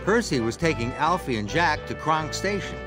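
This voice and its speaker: A man narrating a children's storybook aloud in an expressive, sing-song way. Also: on the high side, normal speed. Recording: read-aloud over background music. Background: music.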